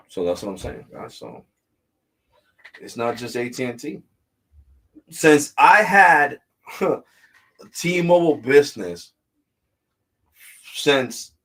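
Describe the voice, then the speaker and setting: A man's voice: mid-range voice, a bit bright. A man hosting a tech vlog, ranting casually and bluntly to viewers in slang. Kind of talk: casual rant to camera.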